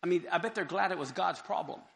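A high, bright man's voice with a gravelly texture, teaching scripture with lively energy. He jumps into character to act out the crowds and Moses. The sound carries a long hall reverb. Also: fast. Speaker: Bible teacher. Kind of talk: animated Bible teaching.

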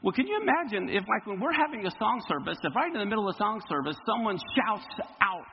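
High, gravelly preacher in an echoey hall. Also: male voice, quick pace. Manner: animated, quizzes the congregation. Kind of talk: sermon. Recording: echoey hall, dull lo-fi sound, faint noise.

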